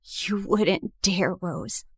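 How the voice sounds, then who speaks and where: A woman's voice: very high-pitched, big pitch swings, a little slow, sharp tone, no echo, clean studio sound, full character voice. A woman voicing a spiteful, bitter young woman who scornfully accuses another. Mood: cold. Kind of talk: dramatic story narration.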